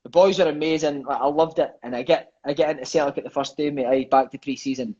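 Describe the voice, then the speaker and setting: A man's voice: mid-range voice, fairly even intonation, quick pace, a little mellow, slightly rough. A Scottish man telling stories as an interview guest over a phone on a live video call. He swears freely and says "mate" constantly. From Scotland. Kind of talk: storytelling in casual chat. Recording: dull lo-fi phone audio.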